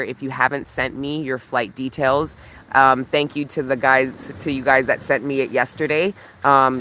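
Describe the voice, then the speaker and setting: A woman chatting casually on a livestream while she walks home outdoors. She talks warmly to her viewers and reads their comments aloud. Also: very deep voice, slight background noise. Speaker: spiritual coach and retreat host. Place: outdoors walking by water.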